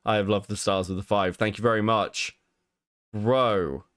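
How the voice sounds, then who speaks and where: A man's voice: lowish voice, unhurried, no echo, clean studio sound. A man co-hosting a podcast in casual chat, talking in an incredulous way and swearing often. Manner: animated, incredulous, swears a lot. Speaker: podcast co-host. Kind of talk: casual chat, reacting to a video.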